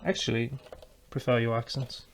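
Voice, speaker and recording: A man building an electric guitar, thinking aloud in a relaxed way with fillers and restarts. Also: mid-range voice, moderate pace, creaky, slight background noise. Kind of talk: casual workshop narration.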